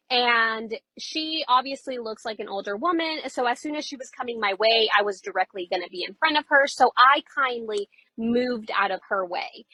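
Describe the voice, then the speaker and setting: A young woman tells a story straight to the listener, casual and animated, acting out each person's lines. Her voice is bright and a little husky, and it sits on the high side. The sound is dry and close. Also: no echo, rough recording. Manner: animated retelling, quoting others, rising when upset.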